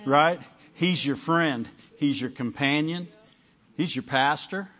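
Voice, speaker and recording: A male pastor with a fairly high voice delivers a chatty sermon. He checks in with his listeners again and again. The recording sounds dull and lo-fi. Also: takes it slowly, fairly bright tone. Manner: conversational preaching, frequent "amen?" and "right?" to the congregation.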